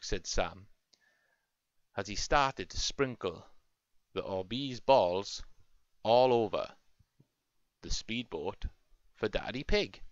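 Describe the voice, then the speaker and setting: Lively male toy-story narrator. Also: mid-range voice, no echo. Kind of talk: improvised toy-play narration. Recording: dull lo-fi home recording.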